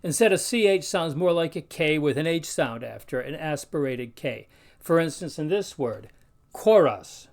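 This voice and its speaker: Male Latin teacher, fairly high voice, careful delivery, slow spelled-out examples. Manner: careful, slowly sounds out example words. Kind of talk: instructional video narration.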